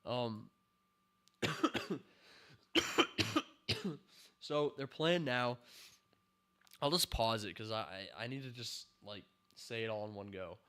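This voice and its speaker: Man, show reviewer, ranting commentary, exasperated, sighing, bright tense voice. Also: mid-range voice, takes it slowly, pauses often, clear, resonant tone. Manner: exasperated, sighing and laughing in disbelief.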